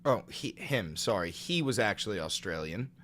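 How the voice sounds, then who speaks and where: A man hosting a comedic reaction video, reading aloud and reacting with loud, sarcastic, swearing outbursts. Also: on the low side, animated, moderate pace, a little hiss or hum. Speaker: commentary video host.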